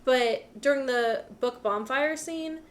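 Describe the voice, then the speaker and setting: Bright-pitched woman podcast co-host, trivia-loving, casual and chatty. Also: slow. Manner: chatty, shares trivia, quotes others in little voices. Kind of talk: casual movie podcast chat.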